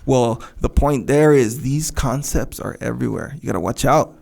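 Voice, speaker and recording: Man, podcast co-host, gravelly, rambling storyteller, casual chat. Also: medium pitch, normal speed, darkish tone. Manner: rambling storyteller, acts out movie lines.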